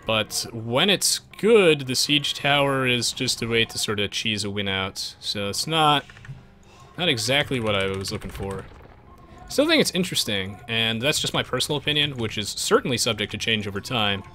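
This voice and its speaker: Casting: male game streamer, playful and chatty, bright forward tone, soft music behind. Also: mid-range voice. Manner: playful, jokey, bursts into silly voices. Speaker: gaming streamer. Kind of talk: live stream game commentary.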